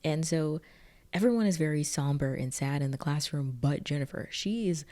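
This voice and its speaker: A woman's voice: deep voice, normal speed, mellow. A woman hosting a casual film recap video, chatty and jokey, with "like" sprinkled all through her talk. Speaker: video essay host.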